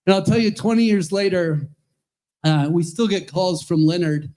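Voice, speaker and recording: Man in his fifties, priest, high voice, rambling chuckling roast speech. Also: moderate pace, a little mellow. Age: 50s. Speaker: Episcopal priest. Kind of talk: roast speech at a charity event.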